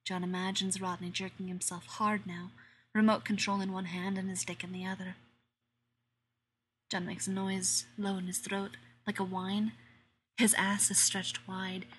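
A woman narrating an erotic audio story in a slow, intimate manner that slips into whispers. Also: medium pitch, flat delivery, a bit bright, slight background noise.

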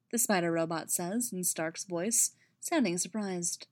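A woman narrating a story aloud with a wry, expressive delivery. Her voice moves freely up and down in pitch. The sound is very dry and close. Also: dry recording. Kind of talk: reading a fan-fiction story aloud.

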